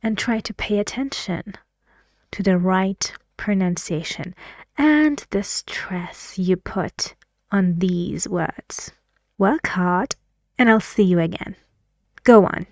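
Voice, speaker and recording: A woman's voice: mid-range voice, slow pace, no room sound. A woman teaching an English pronunciation lesson in a patient way, asking learners questions as she explains.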